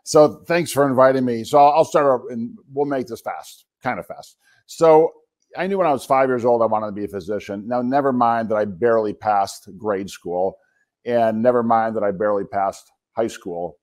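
Speaking at a normal pace in a mid-range, somewhat dark voice, a man in his sixties gives a funny keynote. He's a doctor and businessman invited as a guest speaker, and he fills the talk with stories that poke fun at himself, plus plenty of jokey side remarks.

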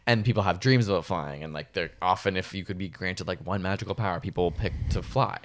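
Deep-voiced, laid-back man. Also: fast. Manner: relaxed, supportive listener with brief agreements. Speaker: podcast co-host. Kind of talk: casual chat.

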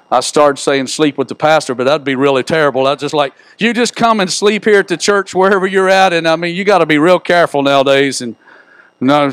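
A man's voice: on the high side, a bit bright, clear, resonant tone, no room sound. A middle-aged man preaching a sermon in a church, folksy and joking as he tells stories. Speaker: pastor. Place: church sanctuary.

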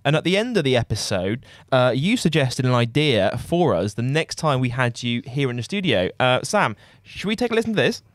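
A man's voice: medium pitch, very animated, no room sound, clean studio sound. A British man hosting a sports podcast, joking around and laughing often. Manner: jokey, laughs often, quick. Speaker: podcast host. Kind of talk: casual chat.

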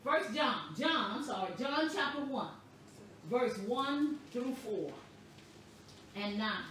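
A woman pastor delivering a sermon, with slow, emphatic preaching that stresses words boldly. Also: on the high side, lively intonation, a bit bright, a little hiss or hum. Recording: echoey room, voice from a distance.

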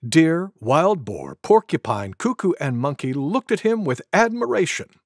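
Gravelly man reading a children's story. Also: a little high, unhurried, no room sound, studio quality. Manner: expressive, gentle. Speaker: storybook reader.

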